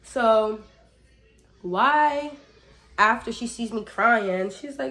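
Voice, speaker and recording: A young woman vlogger telling a casual storytime. She sounds slightly hoarse from a cold, talks chattily, swears freely, and fills her speech with "like" while speaking straight to her viewers as y'all. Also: a little high, drawn-out words, sharp tone. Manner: addresses viewers directly as y'all.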